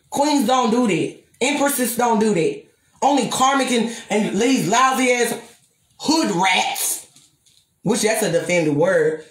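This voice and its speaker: Woman ranting at a rival on her vlog, cursing and taunting, mid pitched, roomy echo. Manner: profane, confrontational, taunting. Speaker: vlogger. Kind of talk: angry vlog rant addressed to a rival and viewers.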